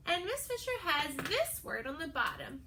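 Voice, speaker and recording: A young adult woman teaching a video lesson to young children, talking in a slow, sing-song, encouraging way. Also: extremely high pitch, big pitch swings, noisy background. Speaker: pre-K teacher.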